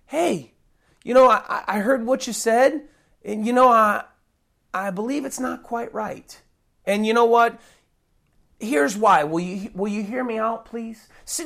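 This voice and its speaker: A woman preaching a sermon, earnest and animated, acting out prayers and rude retorts as examples. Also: mid-range voice.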